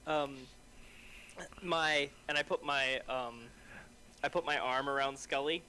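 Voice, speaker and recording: A man playing his character at a tabletop game, smooth-talking and playful with hesitant fillers. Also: fairly high pitch, fairly even intonation, slow, bright, forceful tone, a little hiss or hum, rough recording. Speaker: player. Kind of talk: in-character tabletop role-play.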